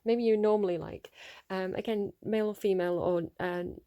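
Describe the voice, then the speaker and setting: A woman's voice: medium pitch, fairly even intonation, moderate pace, dark tone. A woman giving a casual tarot reading at home, rambling, laughing often and tripping over her words. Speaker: tarot reader.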